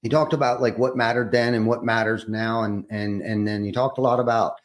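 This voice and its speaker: Podcast host guy, rambly questions, lots of restarts, normal pitch. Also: fairly even intonation, brisk. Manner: rambling, many restarts and fillers. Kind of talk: casual interview questions.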